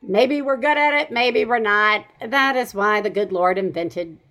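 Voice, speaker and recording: A woman with a Southern American accent hosting a podcast, talking in a chatty, animated way with frequent laughs. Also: medium pitch, a little slow. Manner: chatty, animated, laughs often, rambling asides. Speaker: podcast host. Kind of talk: casual chat.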